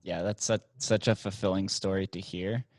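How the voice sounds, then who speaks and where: A young man hosting a casual interview, speaking in a relaxed way with lots of fillers. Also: deep voice, normal speed, no room sound. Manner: relaxed, filler-heavy speech. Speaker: podcast host.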